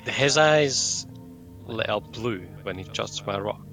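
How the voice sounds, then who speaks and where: A man's voice: on the low side, lively intonation, takes it slowly, fairly bright tone, soft background music. A man playing in a tabletop game, chatting in an easygoing, light-hearted way. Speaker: player. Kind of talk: casual tabletop game chat.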